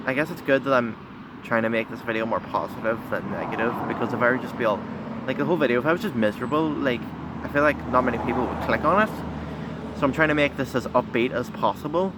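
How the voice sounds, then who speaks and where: A teenage boy talking candidly to his phone camera outside, shy and halting, full of pauses and restarts. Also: mid-range voice. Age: teens. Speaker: vlogger. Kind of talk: candid confessional vlog. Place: outdoors by a busy road. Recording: phone recording with loud traffic noise. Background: passing cars.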